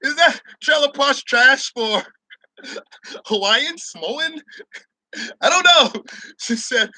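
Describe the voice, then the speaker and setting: Male host, high and sharp-toned, profane laughing rant, dry mic. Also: sing-song, slow, pauses often, no echo. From Barbados. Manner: loud, profane, laughing, mocks others in shouted voices. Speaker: show host. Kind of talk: ranting opinion monologue.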